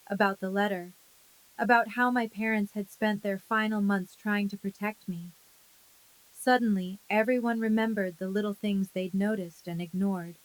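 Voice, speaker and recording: A woman reading a scripted first-person story in a calm, measured way. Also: mid-range voice, dry recording, low-quality recording. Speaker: narrator.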